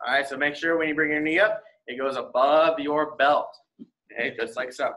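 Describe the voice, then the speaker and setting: A man teaching a martial arts class, leading a warm-up with encouraging, casual coaching and offhand asides. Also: on the high side, steady tone, moderate pace, poor audio.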